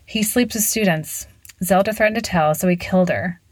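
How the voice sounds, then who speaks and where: A woman's voice: mid-range voice, moderate pace, no echo, close to an everyday voice. A woman doing a cool, cutting schoolgirl. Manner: dry, cutting. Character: cool, bitter teenage schoolgirl.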